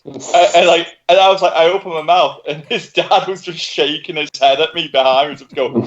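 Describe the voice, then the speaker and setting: Heard through muffled lo-fi audio, a thirtysomething man with a fairly high voice talks briskly as he co-hosts a game livestream. He swears freely, laughs often and spins animated stories in casual gaming chat.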